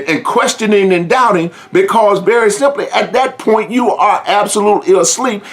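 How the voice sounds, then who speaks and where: A man's voice: on the high side, fairly bright tone. A man preaching an informal sermon, speaking earnestly and directly to listeners, often repeating and restarting his words.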